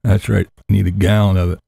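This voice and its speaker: A man's voice: fairly low pitch, gravelly, mellow, husky, no echo, studio quality. A man hosting a laid-back, crude morning live stream chat, talking to viewers in the chat.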